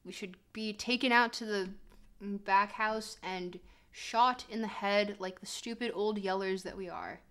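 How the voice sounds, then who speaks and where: A woman's voice: mid-range voice, a little slow, fairly bright tone. A woman streamer giving casual, joking commentary while playing, talking straight to her chat. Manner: chatty and joking, answers chat directly.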